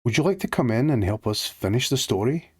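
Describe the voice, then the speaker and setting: A man voicing a kind, encouraging young woman from a storybook, lifting his voice high. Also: expressive, fairly quick, breathy edge, no echo, studio quality. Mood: cheerful.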